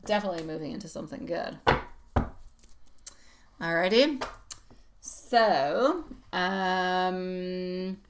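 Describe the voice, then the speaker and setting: A woman's voice: lowish voice, slow, pauses often, slight background noise. A middle-aged woman giving a live-stream tarot reading, chatty and affectionate, laughing often as she greets viewers. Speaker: tarot reader.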